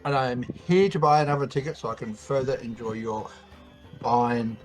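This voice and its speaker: A man's voice: medium pitch, normal speed. A man with a mid-range voice plays in a tabletop game, answering the game master in a polite, formal manner. Faint music plays behind. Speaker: player. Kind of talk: casual play talk.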